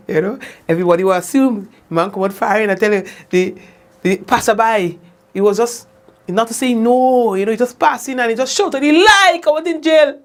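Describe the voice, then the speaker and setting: Chatty man hosting live news. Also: normal speed. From Saint Vincent and the Grenadines. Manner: chatty, laughs often, swings high when telling jokes. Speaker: news host. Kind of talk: casual live news show with greetings and jokes.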